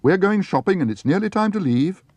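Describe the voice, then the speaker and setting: A man voicing an eager, bossy young girl in a cartoon, with an excitable way of talking. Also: mid-range voice, moderate pace, slightly rough, dry recording, voice pushed up, full character voice.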